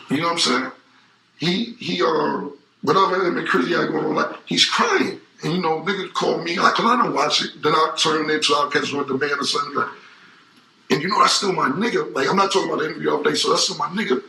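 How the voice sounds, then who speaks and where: A man in his forties talks as an interview guest, with a raised pitch and a gravelly, sharply bright tone. He hammers his points home again and again in profane street talk. The recording carries a roomy echo. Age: 40s.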